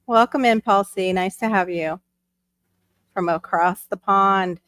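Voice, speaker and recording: A woman's voice: mid-range voice, measured pace, fairly bright tone, dry recording. A woman hosting a casual livestream, chatting and greeting viewers from the chat as she reads it. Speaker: livestream host. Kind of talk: casual live-stream chat.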